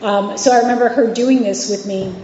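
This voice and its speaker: A woman's voice: fairly high pitch, fairly even intonation, brisk, warm tone, slight background noise. A woman in her forties from New York City and Virginia, giving a candid, conversational recovery share as a guest speaker at a meeting, with frequent fillers and restarts. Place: meeting hall. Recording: echoey hall, dull lo-fi sound.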